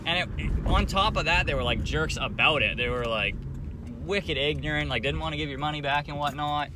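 A young man vents in an animated, cursing story, his voice sitting a bit high for a man. Loud traffic and engine noise from the outdoors run under everything he says. He keeps it casual and chatty, breaking into laughs. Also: brisk. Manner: animated, profane, laughs while venting. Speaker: car vlogger.

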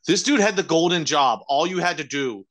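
A young man with a bright, forceful voice co-hosts a casual podcast. He talks in a laid-back, jokey way, firing off quick asides and riffs. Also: fairly high pitch, expressive. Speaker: podcast co-host. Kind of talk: casual chat.

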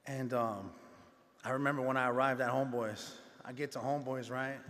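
A man's voice: medium pitch, steady tone, a little fast, a bit bright. Man telling his story in a reverberant hall. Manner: conversational storytelling with street slang; acts out dialogue in his story. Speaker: speaker sharing his life story at a gala. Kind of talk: personal testimony speech.

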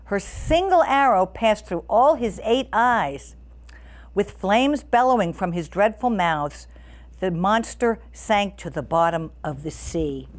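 A woman reading a storybook aloud to listeners as the storyteller, expressive and animated. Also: mid-range voice, takes it slowly.

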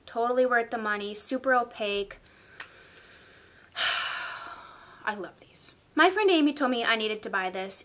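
A woman talking in a casual makeup review vlog, chatty and gushing, with animated asides. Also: a little high. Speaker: beauty vlogger.

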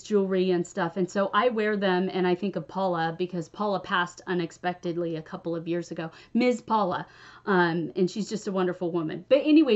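Chatty woman vlogger, slightly dull recording. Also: mid-range voice. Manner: rambling, chatty and gushing. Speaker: cross stitch vlogger. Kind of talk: casual chat.

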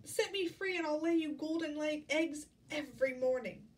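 A woman voicing a frightened golden hen in a storybook reading, clucking and high-pitched. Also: normal speed, lightly acted. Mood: pleading. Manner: clucking plea. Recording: distant mic, faint ambience.

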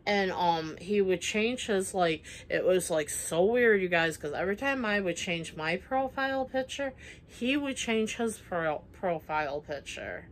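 A woman's voice: mid-range voice, animated, measured pace, a little hiss or hum. A woman vlogger telling a personal story in casual chat, rambling with many fillers and acting out what people said. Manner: rambling, many fillers, acts out quoted lines.

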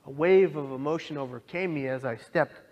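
A young man earnestly telling his own story as a talk, moving from quiet to impassioned. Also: a little high, a little fast. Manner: earnest, swings from hushed to impassioned. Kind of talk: personal testimony talk.

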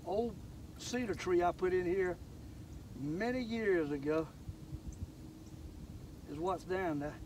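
Older man, fishing vlog host; folksy, excitable, high-pitched, recorded on a lake with boat noise, mic at a distance. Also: takes it slowly, long pauses. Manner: folksy, excitable, talks straight to viewers. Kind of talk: casual fishing vlog narration.

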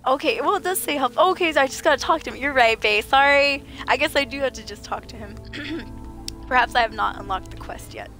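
A woman livestreaming a game, chatting playfully with viewers and laughing often, her voice a little rough from being sick. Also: sits high, brisk, sharp tone, soft background music. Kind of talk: casual livestream chat with viewers.

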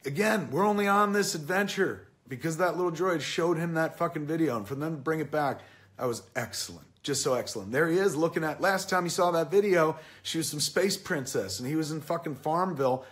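A man's voice: a little high, expressive, a little fast. Profane, heartfelt man in his forties. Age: 40s. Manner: rambling, profane, heartfelt storytelling. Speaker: film reviewer. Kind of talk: casual spoken movie review.

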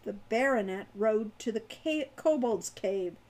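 A woman's voice: a little high, lively intonation, normal speed. A woman reading aloud, voicing an irritable young male rogue who speaks bluntly. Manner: impatient, blunt.

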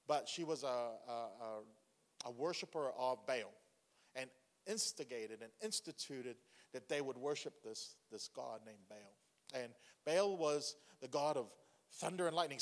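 Animated man preaching in a reverberant hall. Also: fairly high pitch. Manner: conversational, animated preaching with asides to the congregation. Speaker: pastor. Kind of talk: sermon.

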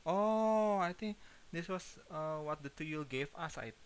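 A man's voice: a little high, normal speed, fairly bright tone, low-quality recording. A man with an Indonesian accent playing a horror game, jumpy and nervous, repeating himself in panic and laughing it off. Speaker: gaming YouTuber. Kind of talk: horror game let's-play.

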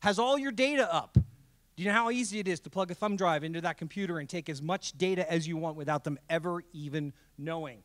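A man giving a fast-paced, emphatic presentation talk with jokes at a community event. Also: fairly high pitch. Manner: energetic, emphatic, joking. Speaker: guest speaker. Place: college event hall.

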